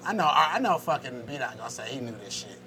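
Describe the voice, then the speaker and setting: A man's voice: mid-range voice, sing-song, quick pace, crowd noise. A man hosting a podcast, talking animatedly, laughing often and swearing in casual chat. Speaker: podcast host.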